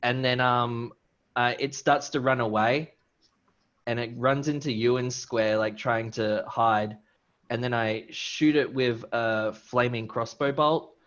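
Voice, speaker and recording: A man's voice: mid-range voice, fairly even intonation, takes it slowly, fairly bright tone, highs cut off. A man playing in a tabletop game, rambling through his turn and laughing between lines. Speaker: player. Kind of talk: casual tabletop game play.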